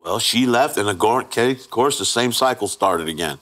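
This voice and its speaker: A man with a mid-range, slightly bright voice speaks animatedly at a moderate pace as a guest sharing his personal testimony. He tells it plainly and candidly, acting out the voices of people in the story, restarting often and checking in with "right?".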